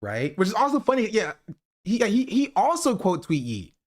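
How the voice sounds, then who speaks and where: A man's voice: high voice, huge pitch swings, normal speed. Male streamer, casual reaction talk, lots of fillers, mocking laughs.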